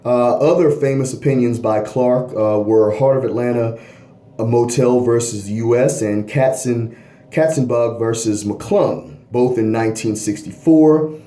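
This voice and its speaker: A man's voice: medium pitch, a little slow, mellow, roomy sound. A man from Baltimore giving an unscripted history lecture, rambling and often checking in with "all right?". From Baltimore, USA.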